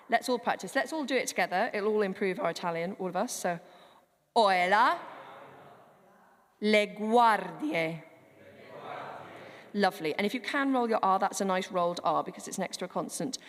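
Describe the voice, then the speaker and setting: A woman director coaching a choir in a church, chatty and breaking words down to demonstrate how to pronounce them. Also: on the low side. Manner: chatty, demonstrates pronunciation word by word. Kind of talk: rehearsal coaching. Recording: long hall reverb.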